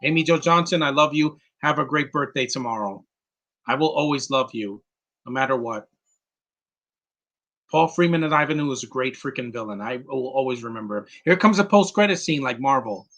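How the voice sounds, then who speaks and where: Teary guy in his 30s rambling on his livestream, earnest, voice kinda mid-pitched. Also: animated, fairly bright tone. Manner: earnest, halting and heartfelt. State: choked up, near tears. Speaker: live stream host. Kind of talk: emotional live commentary.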